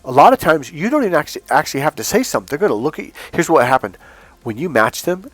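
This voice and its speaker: A man's voice: a little high, sing-song, quick pace, fairly bright tone, no room sound. Blunt male dating coach, casual talk to camera, dry close sound, faint music behind. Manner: blunt, swearing, acts out quoted voices. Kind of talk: casual direct-to-camera monologue.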